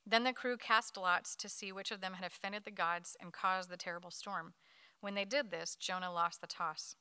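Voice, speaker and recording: Woman leading bible study, reads fast n lively, dry close sound. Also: medium pitch, clear, resonant tone, no echo. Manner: quick, lively reading with light laughs. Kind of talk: reading scripture aloud to a group.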